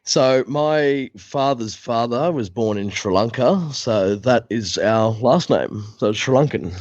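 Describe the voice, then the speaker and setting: A man's voice: medium pitch, expressive, measured pace, a little mellow, no echo. An Australian man talking easily as a podcast guest. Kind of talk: casual podcast chat. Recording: dull, dry sound.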